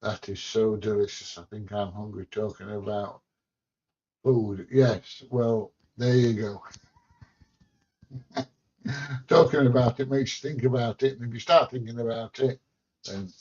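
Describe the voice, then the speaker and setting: A man's voice: fairly low pitch, steady tone, measured pace, pauses often, a little mellow. An English man hosting a livestream from home, chatting casually and bluntly as he reads viewer comments, joking and swearing mildly. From England. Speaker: livestream host. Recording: dull lo-fi stream audio.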